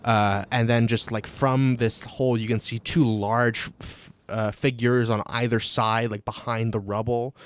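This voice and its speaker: A man narrating a tabletop game as game master, pausing often with fillers. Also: mid-range voice, little pitch movement, smooth. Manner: halting, with many fillers.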